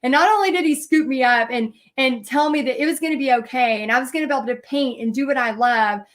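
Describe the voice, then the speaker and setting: A woman's voice: high voice, fast talker. A woman teaching a live painting lesson, chatting and telling her story with lots of fillers and restarts. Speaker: paint party instructor.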